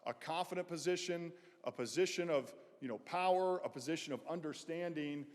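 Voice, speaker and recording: A man's voice: on the high side, fairly quick. A man who is a former pro football player, giving a casual, direct motivational talk to students and joking with them. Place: large college chapel. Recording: echoey chapel hall reverb.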